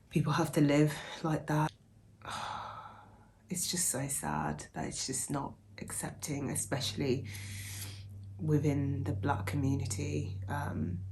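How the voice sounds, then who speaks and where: A young woman talking casually in a reading vlog, soft-spoken and musing, with a hushed way of speaking. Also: low-pitched, a little hiss or hum. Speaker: book vlogger.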